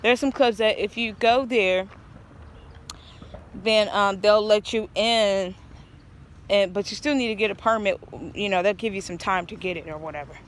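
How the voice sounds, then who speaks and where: Speaking outdoors at a moderate pace in a mid-range voice, a woman rambles earnestly through a long personal story for her casual vlog. She frequently starts her sentences over, and there's slight background noise.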